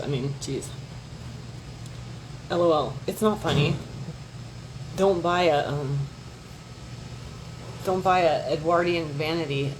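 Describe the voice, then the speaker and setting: A woman with a lowish voice chats casually with viewers on her livestream, rambling, gossiping, swearing freely, and reacting to messages as she answers the chat. A little background noise can be heard.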